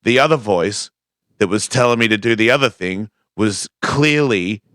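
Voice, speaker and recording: A man's voice: lowish voice, animated, moderate pace, fairly bright tone, dry recording, studio quality. A man telling a personal story on a talk show, acting out the voices he quotes. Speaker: guest skateboarder. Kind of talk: casual storytelling.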